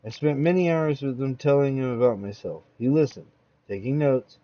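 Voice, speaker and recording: A shaky, secretive man played by a man confesses haltingly, his nerves showing in every phrase. The voice is mid-pitched, and the sound is muffled and lo-fi. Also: no room sound, close to an everyday voice. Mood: tense confession. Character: nervous, secretive man with a split personality.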